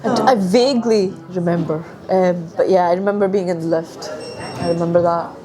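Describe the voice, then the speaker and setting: A woman's voice: fairly low pitch, fairly even intonation, a little fast, a crowd in the background. A woman from Pakistan, a podcast guest chatting casually, frank and opinionated, often restarting her phrases. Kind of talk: casual chat.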